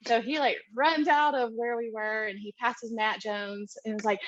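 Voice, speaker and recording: A woman's voice: a little high, moderate pace, no echo, lo-fi sound. Chatty woman telling a mission-trip story. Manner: chatty, full of "um" and "like", animated retelling. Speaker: mission trip team member. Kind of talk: casual storytelling in an interview.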